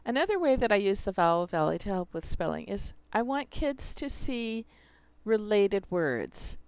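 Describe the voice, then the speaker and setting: A woman's voice: mid-range voice, sing-song, normal speed, a little mellow, clear, resonant tone, dry recording. A woman teacher explaining how she teaches spelling, talking through her students' examples as she goes. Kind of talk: instructional video.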